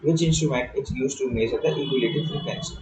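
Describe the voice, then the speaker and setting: A man tutoring for an electrical exam, reading out questions and giving quick answers, slipping into Hindi to explain. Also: mid-range voice, darkish tone. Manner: reads questions then answers briefly, switching into Hindi explanations. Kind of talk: solved-paper walkthrough. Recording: echoey room, faint background noise.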